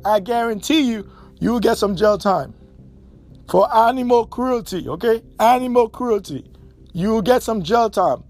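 A man hosting a podcast, giving impassioned political commentary and repeating his key points for emphasis. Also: high voice. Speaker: podcast host.

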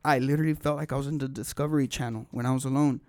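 A man on a podcast telling a long story in casual chat, animated and full of slang and swearing. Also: mid-range voice, rapid-fire, dry recording, clean studio sound.

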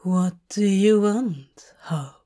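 A woman voicing a composed male lover in an audiobook fanfic reading, speaking softly and formally. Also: mid-range voice. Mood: soft tender. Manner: soft, formal, unhurried.

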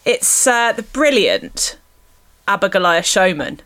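A woman hosting a podcast in casual chat, self-deprecating and quick to laugh. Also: mid-range voice, very animated, a bit bright. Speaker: podcast host.

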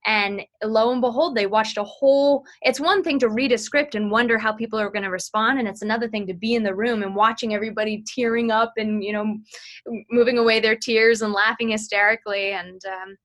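Chatty woman sales coach on an interview, bright crisp voice, lots of asides. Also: on the high side, fairly even intonation. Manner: chatty, demonstrates phone tonality with quick asides. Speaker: sales training consultant. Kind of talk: interview guest explaining sales techniques.

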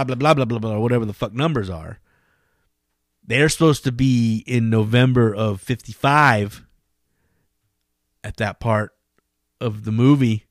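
A man hosting his own podcast, rambling and swearing with excitable energy in a casual solo monologue. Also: medium pitch, no echo, clean studio sound. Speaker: podcast host.

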